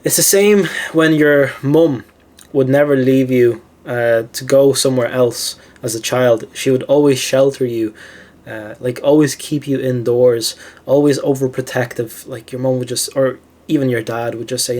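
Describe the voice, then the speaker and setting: Male host, casual storyteller, mid pitch, filler-heavy chat with self-amused laughs. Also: steady tone, moderate pace, darkish tone. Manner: chatty, many "like" fillers, laughs at own stories. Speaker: philosophy channel host.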